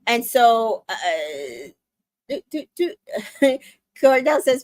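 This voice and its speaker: A woman's voice: medium pitch, very animated, slow pace, long pauses, fairly bright tone, dry recording. A young adult woman casually recapping a reality show, retelling scenes with quoted lines, many fillers and small laughs. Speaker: recap host.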